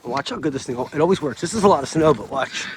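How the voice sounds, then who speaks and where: Out in the snowy yard, a man films a family vlog, chatting to the camera in an upbeat way and laughing a lot. He has a fairly high, expressive voice and talks at a quick pace, with slight background noise.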